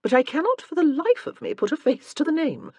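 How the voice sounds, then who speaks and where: A woman's voice: high voice, huge pitch swings, brisk, a little mellow, dry recording, lo-fi sound, voice pushed up. A woman voicing a frank, opinionated older mother in an audiobook.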